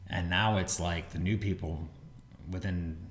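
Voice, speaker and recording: A man's voice: low voice, measured pace. A man who owns a gym, hosting a podcast and talking casually and at length, now and then acting out what other people said. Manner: relaxed, rambling, acts out quotes with a raised voice. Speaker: gym owner and podcast host. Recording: roomy echo with faint ambience.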